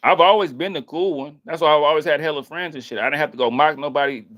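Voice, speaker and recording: A man's voice: on the high side, quick pace, a bit bright, lo-fi sound. A man vlogging in a heated, casual rant, emphatic and profane, repeating himself.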